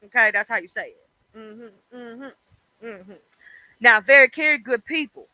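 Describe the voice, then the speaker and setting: A woman's voice: a little high, a little fast, sharp tone, low-quality recording. A woman hosting a livestream, chatting casually and profanely with lots of fillers. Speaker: livestream host.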